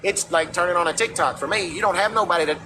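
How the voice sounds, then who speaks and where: A man's voice: high voice, quick pace, background noise. A man with a Southern US accent telling stories in a casual livestream chat, talking through a phone. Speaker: former reality show contestant.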